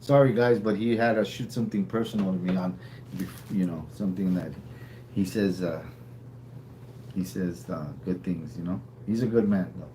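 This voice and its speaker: A man's voice: sits low, normal speed, mellow, a little hiss or hum, low-quality recording. Laid-back rambling man on a livestream. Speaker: livestream co-host. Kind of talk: casual livestream chat.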